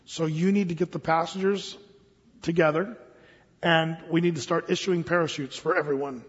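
A man's voice: fairly even intonation, normal speed, husky, big-room sound, lo-fi sound. Grave worried captain, put on by a man preacher. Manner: low, hushed and urgent.

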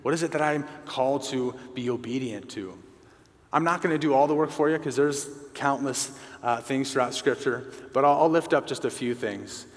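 A man's voice: medium pitch, moderate pace. A man delivers a sermon in an earnest, conversational way, leaning on repetition to drive points home. His mid-range voice carries a long echo, as if recorded in a large hall. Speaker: pastor at a men's gathering. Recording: reverberant hall.

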